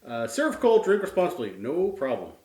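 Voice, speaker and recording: Lively high-pitched man, playful. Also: moderate pace. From Canada. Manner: playful, teasing, reads labels aloud. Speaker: co-host. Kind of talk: casual beer-tasting chat. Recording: echoey room.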